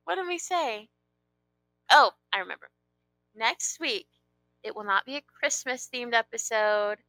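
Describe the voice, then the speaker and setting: Woman cohost chatting on a podcast, voice jumps all over, bright and lively, dry sound. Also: fairly high pitch, measured pace, dry recording. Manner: animated, mock-offended. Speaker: podcast co-host. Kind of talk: casual chat.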